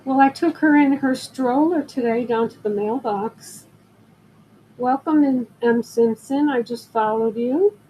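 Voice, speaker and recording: Slow-talking older woman chatting on a live stream. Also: a little high, mellow, slight background noise, poor audio. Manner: chatty, rambling storyteller who greets viewers. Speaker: live-stream jewelry seller. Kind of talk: casual live-stream chat.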